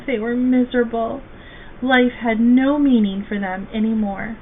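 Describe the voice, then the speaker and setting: A woman reading a children's storybook aloud as a guest reader, slow, gentle and expressive. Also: a little high. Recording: tinny phone-like, faint hiss.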